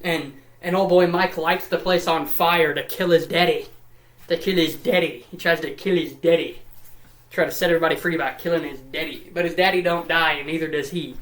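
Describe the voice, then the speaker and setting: A man's voice: fairly high pitch, fairly even intonation, brisk, a bit bright, roomy sound. A man rattling through a comedic lore summary, rambling and profane, with repeats and silly put-on voices. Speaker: lore recap commentator.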